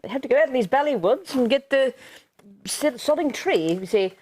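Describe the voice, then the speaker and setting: A woman voicing a foppish upper-class young English gentleman in a tabletop role-play, with a put-on, unsteady upper-class English accent and old-fashioned slang. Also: high-pitched, expressive, brisk. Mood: blustery.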